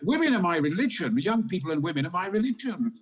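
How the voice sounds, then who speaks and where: Booming older Yorkshire man, high-voiced. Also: very animated, quick pace. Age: 80s. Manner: booming, dramatic, bawdy anecdotes. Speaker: talk show guest. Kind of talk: theatrical storytelling.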